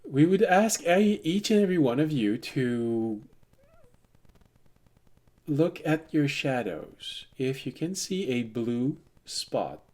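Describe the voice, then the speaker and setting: A gnome official reads a calm public notice over the intercom, tidy and courteous. A man acts him out close to his own voice, keeping it formal and measured. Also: fairly high pitch, exaggerated voice. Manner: formal announcer tone. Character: polite gnome making intercom announcements.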